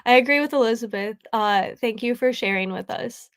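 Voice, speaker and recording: Young adult woman, tearful, chatty, fairly high voice, livestream host at home, laughs often. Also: brisk. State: tearful, grieving. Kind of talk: casual live chat, reading comments.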